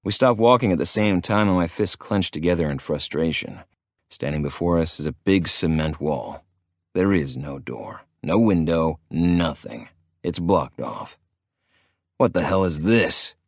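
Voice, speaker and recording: Deep gruff guy reading an audiobook in first person, swears a lot, dry close mic. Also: unhurried, no echo. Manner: gruff and profane. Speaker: audiobook narrator.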